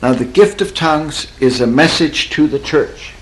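A man preaching a sermon in a folksy, conversational way, slowing down to stress points and chuckling at his own stories. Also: rough recording. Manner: drawls and slows for emphasis, swoops in pitch. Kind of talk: sermon teaching.

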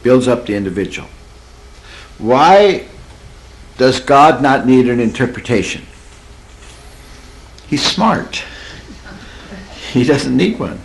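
Male preacher, animated pitch, folksy teaching sermon with a faint hiss of room noise behind him. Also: vocal fry, poor audio. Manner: conversational, folksy, laughs at own stories; drawls and slows for emphasis, swoops in pitch.

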